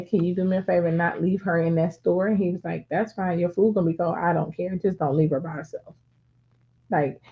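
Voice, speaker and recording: A middle-aged woman in casual chat, telling a family story with lively acted-out voices. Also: medium pitch. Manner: animated storyteller acting out voices. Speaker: talk show co-host. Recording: dull lo-fi sound.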